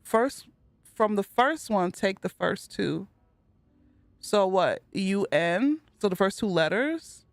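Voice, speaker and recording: A woman hosting a gameplay video. She reads in-game letters aloud slowly and earnestly, and sometimes breaks off with giddy high-pitched exclamations. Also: expressive, creaky, dry recording. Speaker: gaming video host. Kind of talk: let's play commentary, reading in-game letters aloud.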